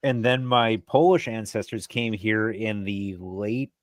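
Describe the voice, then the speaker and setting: A man's voice: fairly low pitch, steady tone, a little slow, no echo. Folksy Wisconsin man ending lines with "eh". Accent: northern Wisconsin. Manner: jokey, folksy, ends lines with "eh". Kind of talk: casual banter.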